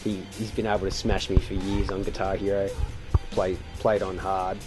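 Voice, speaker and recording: An Australian man talking admiringly about a friend in a soft-spoken documentary interview. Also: low-pitched, level tone, moderate pace. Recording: guitar music underneath.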